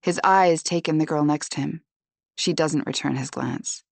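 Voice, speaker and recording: A woman narrating a suspense audiobook in the first person, measured and tense. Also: low voice, gravelly, darkish tone, dry recording.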